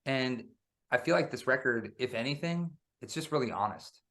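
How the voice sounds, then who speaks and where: Male guest musician, easygoing and animated, casual interview storyteller. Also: mid-range voice, moderate pace. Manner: animated storyteller, says "man" often.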